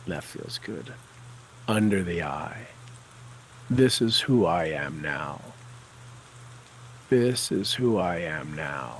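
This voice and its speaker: A man guiding a tapping session, speaking affirmations slowly and deliberately for the listener to repeat. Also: sits low, expressive, a little hiss or hum, rough recording. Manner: slow, deliberate, coaching tone.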